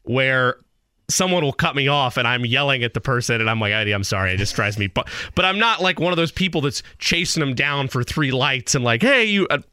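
A man's voice: mid-range voice, expressive, a little fast, sharp tone, clean tone, no echo. A man co-hosting a radio show from a studio, chatting casually and laughing along. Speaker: radio co-host. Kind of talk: casual sports radio chat.

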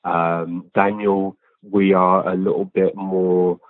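A low-voiced man, a physical medium appearing as a guest, speaks slowly in a level tone while telling relaxed, conversational stories. He's earnest and plain-spoken, frequently pausing with ums and restarting, and the phone-line recording is tinny and dry.

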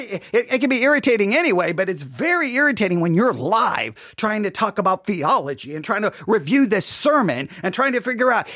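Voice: mid-range voice, a bit bright, no echo, studio quality. A Christian devotional host giving an informal, earnest talk that tells stories with many restarts, recorded at a home live-broadcast setup.

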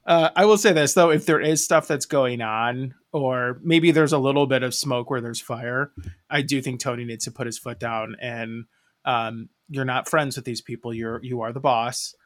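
A man's voice: medium pitch, normal speed, a bit bright, no echo. Michigan man, podcast co-host, loose rambling delivery with casual swearing, dry close sound. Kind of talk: casual chat.

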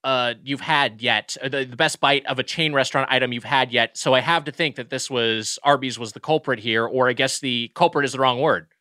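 A man talks through a fast food review in an animated, rambling way, stumbling over his words before landing on emphatic verdicts. His voice is bright and forward, recorded close and dry with no room sound. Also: medium pitch, no echo. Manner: rambling, restarts often, emphatic. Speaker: podcast co-host. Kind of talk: casual comedic food review chat.

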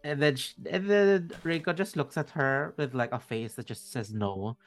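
A man's voice: mid-range voice, normal speed, soft background music. A man narrating a tabletop game as game master, rambling with many fillers.

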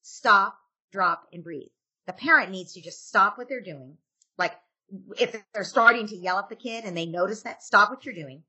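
A woman's voice: mid-range voice, normal speed, bright, forceful tone, breathy edge. A woman who is a parenting author, giving advice in a podcast interview, earnestly checking in with "right?" as she makes her points. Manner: acts out parent and child quotes.

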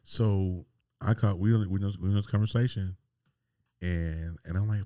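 A deep-voiced man tells a personal story on his podcast. He rambles candidly and restarts his sentences often. His tone is dark and mellow, and the recording is dry and close. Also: steady tone, a little slow, no room sound. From North Carolina. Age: 40s. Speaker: podcast host.

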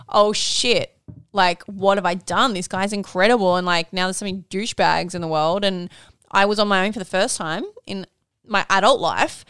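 Aussie woman in her 30s, podcast co-host, candid, swears a bit, smooth voice. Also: medium pitch, a bit bright, no echo, clean studio sound. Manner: candid storytelling, swears freely, laughs through tears. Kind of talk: casual chat, personal story.

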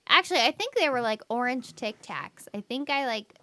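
A woman's voice: on the high side, animated, moderate pace, sharp tone. A young woman co-hosting a podcast, chatting casually and giggling, with lots of filler "like"s. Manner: giggly, many filler likes. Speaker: podcast co-host. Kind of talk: casual chat.

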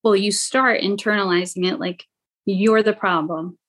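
Woman telling a painful story, halting. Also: medium pitch, fairly even intonation, a bit bright. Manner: halting, frequent "like" fillers, quotes others in raised voice. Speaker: podcast guest. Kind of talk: emotional personal storytelling.

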